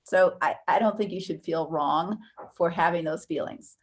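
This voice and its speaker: A woman teaching a counseling course in a conversational way, acting out inner thoughts with sudden jumps in pitch. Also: moderate pace.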